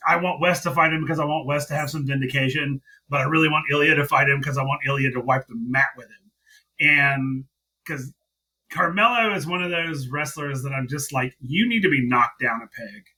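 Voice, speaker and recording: A man co-hosting a casual podcast chat, talking in an animated, exasperated way. His voice sits a little high and bright, with a husky edge. He keeps jumping into mock quotes. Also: brisk, poor audio. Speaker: podcast co-host. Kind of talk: casual wrestling recap chat.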